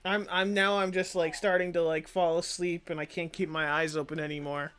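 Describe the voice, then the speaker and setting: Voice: medium pitch, level tone, fairly quick, a bit bright, clean tone. Sleepy, grumbling tabletop player. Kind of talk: playing a tired half-elf in a tabletop game.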